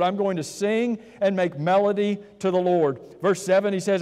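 A man's voice: sits high, a little fast, few pauses, a little mellow. Earnest preacher man in a reverberant church. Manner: earnest, asks many rhetorical questions, repeats words when starting. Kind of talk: sermon. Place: church sanctuary. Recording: long church-hall reverb.

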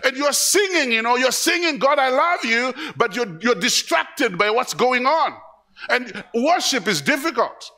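Bright-voiced animated male pastor. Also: very high-pitched, unhurried. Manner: animated, acts out voices, laughs, repeats words. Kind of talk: live sermon. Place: church service.

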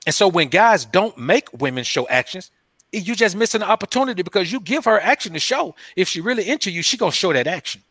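Slangy, bright-voiced storytelling man. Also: high-pitched, lively intonation, fast, no room sound, studio quality. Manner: loose, slangy storytelling, says "man" constantly. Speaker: interview guest. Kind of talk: casual interview talk.

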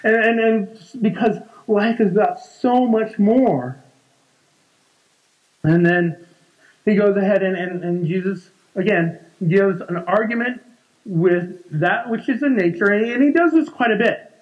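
Man in his forties, pastor, high voice, chatty sermon, dull lo-fi sound. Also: unhurried. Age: 40s. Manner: conversational, repeats words and restarts often. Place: church.

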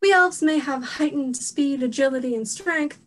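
A young woman playing a formal, emotionless female elf warrior on stage, speaking stiffly and deadpan. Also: sits high, moderate pace, a little hiss or hum, natural voice, poor audio. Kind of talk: stage play acting.

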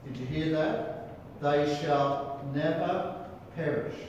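An Australian man with a high voice preaches slowly and emphatically, pressing his listeners with questions. He is heard from far off in a big church hall that rings with a long echo. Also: darkish tone, lo-fi sound, slight background noise. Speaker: pastor. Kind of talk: sermon.

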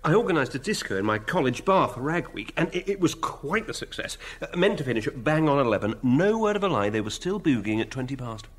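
A man's voice: medium pitch, sing-song, fast, hardly any pauses. An actor playing a fawning, self-important man who has made himself an agent, in a radio sitcom. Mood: smug. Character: scheming sycophantic male self-made talent agent.

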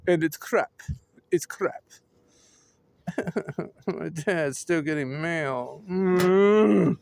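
Hyper, chatty man, sliding pitch. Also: takes it slowly, gravelly, long pauses. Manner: excitable, hyper, laughs often. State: losing his voice. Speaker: vlogger. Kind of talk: casual vlog chat. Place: outdoors with his dog.

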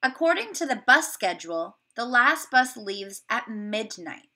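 A woman teacher giving a remote video lesson to young children, sounding out words slowly and encouraging them. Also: fairly high pitch, sing-song, sharp tone.

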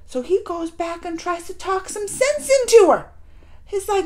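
Woman host, casual review vlog, high voice, lively, laughs easily, mimics the characters. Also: a little slow. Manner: animated, breaks into laughs and acted quotes. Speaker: reaction video host.

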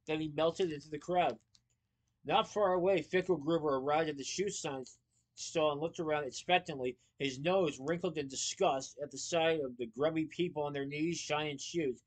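A man reading a children's novel aloud, lively, with small slips and playful asides. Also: a little high, normal speed. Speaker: storyteller.

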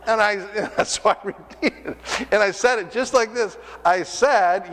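A high-sitting, fairly bright male voice preaches at a moderate pace, with a long reverb tail on a rough recording. He's a pastor and hospice chaplain in a church sanctuary, sharing personal stories casually and acting out the voices in them.

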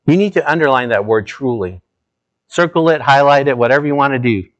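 A man preaching a sermon as pastor, talking straight to his listeners and moving between low, slow emphasis and raised, urgent appeals. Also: highs cut off. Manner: earnest, direct address to listeners.

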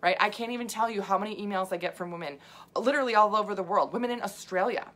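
A woman's voice: mid-range voice, very fast, fairly bright tone. A middle-aged woman health coach talking casually to viewers, chatty and full of asides and fillers, laughing often. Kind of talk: casual livestream talk.

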